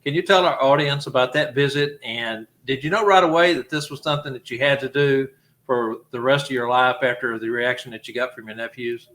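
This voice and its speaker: A male host asks his guest questions over a video call. He talks at a middle pitch and stops now and then to fill a gap. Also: brisk, a bit bright. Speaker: show host. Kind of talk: interview questions.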